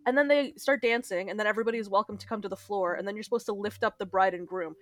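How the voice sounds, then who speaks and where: A young woman podcast co-host telling an animated story in casual chat, swearing freely. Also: medium pitch, very fast. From Palestinian Arab family.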